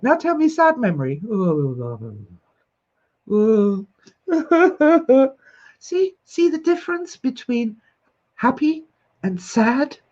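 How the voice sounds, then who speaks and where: An enthusiastic, expressive woman in her sixties who laughs often as she hosts a livestream and greets her viewers. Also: high voice, husky. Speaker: host. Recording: slightly dull lo-fi recording.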